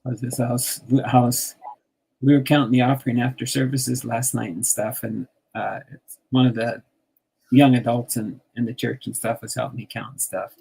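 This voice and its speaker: Older man from jersey, raspy gravelly voice, chatty and giggly. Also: medium pitch, little pitch movement, moderate pace, a little mellow. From New Jersey. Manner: chatty, laughs often, reads out card names. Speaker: host sorting baseball cards on a stream. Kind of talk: casual chat.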